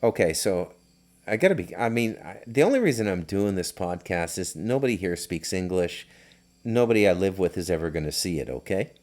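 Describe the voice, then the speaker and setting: A middle-aged man hosts a podcast, telling casual stories in a low, darkish voice with lively intonation and a fairly quick pace. The tales are loose and rambling, with lots of fillers and restarts.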